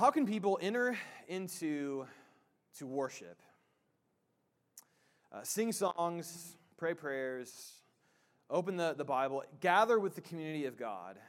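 A man's voice: fairly high pitch, expressive, measured pace, pauses often. A man preaching a sermon as pastor in a church, casual and joking, with many fillers and restarts. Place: church sanctuary.

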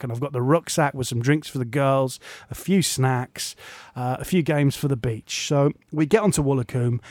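A man's voice: medium pitch, a little mellow, dry recording, clean studio sound. A man co-hosting a podcast, telling long rambling holiday stories in casual chat with self-deprecating asides. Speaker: podcast co-host.

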